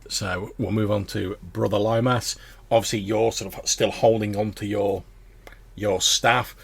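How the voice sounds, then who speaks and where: A man's voice: on the low side, creaky, a bit bright, breathy edge. A man narrating a tabletop game as game master, with a loose manner full of "like"s. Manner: loose, filler-heavy narration with many "like"s.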